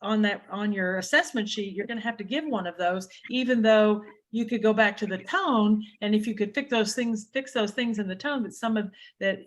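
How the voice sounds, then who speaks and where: A woman leading an adjudicator training session over a video call, explaining in a conversational way with frequent restarts. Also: mid-range voice.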